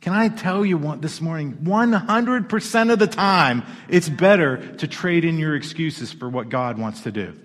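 A man's voice: on the high side, animated, normal speed, few pauses. Emphatic preaching man in a reverberant hall. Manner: emphatic and conversational, swinging from loud to hushed. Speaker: pastor. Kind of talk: sermon.

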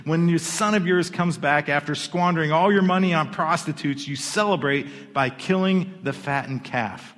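A man's voice: mid-range voice, lively intonation, a little slow, hardly any pauses, a bit bright. A resentful grown son airs his grievances, his voice raised in aggrieved protest, as a preacher acts him out. The words ring through a large hall with a long reverb. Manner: aggrieved, complaining. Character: resentful older brother, grown man, bitter.

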